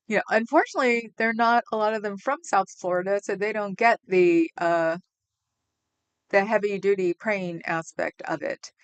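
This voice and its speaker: A woman's voice: medium pitch, measured pace, clean tone, muffled recording. A woman in her fifties hosting a livestream at home, chatting in a rambling, casual way and laughing often. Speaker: livestream host.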